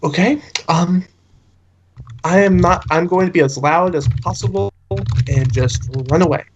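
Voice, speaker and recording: A man's voice: high voice, unhurried, a little hiss or hum. A man playing in a tabletop game, chatting in an easygoing, hesitant way. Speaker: player. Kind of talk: casual tabletop game chat. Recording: muffled, dull mic.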